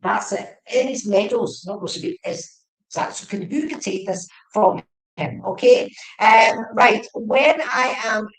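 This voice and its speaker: A woman's voice: medium pitch, expressive, measured pace, creaky. A woman giving a live-streamed psychic reading, chatty and repetitive, speaking to viewers by name. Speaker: psychic medium. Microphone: webcam or phone. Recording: echoey room.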